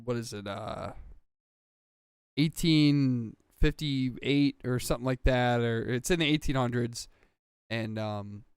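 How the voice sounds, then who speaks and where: A man's voice: medium pitch, takes it slowly, clean tone, no echo, clean studio sound. A man casually recapping a TV episode on a podcast, rambling with fillers and acting out quoted lines. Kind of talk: casual chat.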